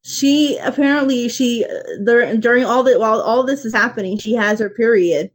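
Woman, casual chat, fairly high voice, rambling storyteller, restarts a lot. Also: normal speed, poor audio. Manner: rambling, restarts her sentences while telling stories.

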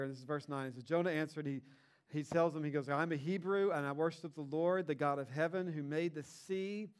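Animated, conversational male preacher. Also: clean tone. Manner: conversational and animated, rises in pitch and volume for emphasis. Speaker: pastor. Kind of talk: casual sermon, retelling a Bible story.

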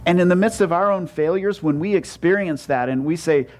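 A pastor preaching a sermon in a conversational way, with frequent stammered restarts and sudden shifts between emphatic and hushed lines. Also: male voice, high-pitched, a little fast.

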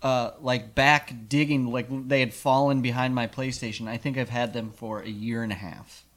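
Guy on a podcast, animated, cussing for laughs. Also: mid-range voice, moderate pace. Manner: animated storyteller, swears for comic effect. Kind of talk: casual chat.

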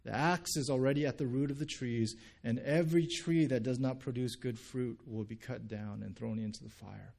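A man pastor preaching a sermon, animated, acting out people's reactions and reading scripture aloud. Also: mid-range voice, normal speed, creaky, few pauses. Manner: animated, acts out quoted reactions.

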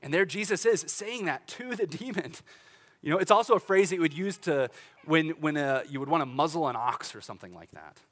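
A middle-aged pastor delivers a sermon in a loose, conversational way. His voice sits a touch high for a man, and he laughs easily and restarts his sentences as he goes. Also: lively intonation, a little fast, fairly bright tone. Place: church sanctuary.

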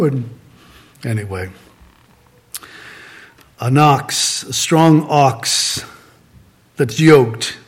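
A Southern Californian pastor with a slightly high voice preaches in a relaxed, conversational style, a little slowly and with long pauses. He keeps circling back to a short refrain and poses rhetorical questions to his listeners.

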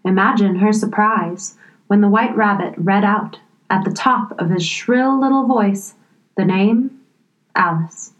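A woman narrating a storybook in a measured, expressive reading. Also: mid-range voice, rough recording.

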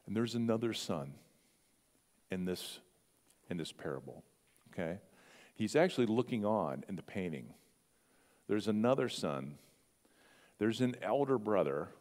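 A man's voice: on the low side, a little mellow. A male pastor preaching a sermon in a conversational way, asking the congregation questions and adding asides. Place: church sanctuary. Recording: long reverb of a church hall.

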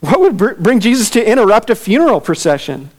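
A man preaching a sermon in a relaxed, conversational way, with casual fillers and asides. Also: high voice, quick pace. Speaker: pastor.

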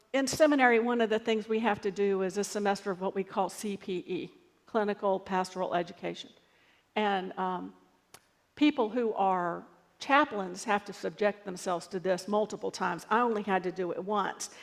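Woman pastor, conversational sermon, slightly high voice, reverberant hall. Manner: conversational storytelling preacher.

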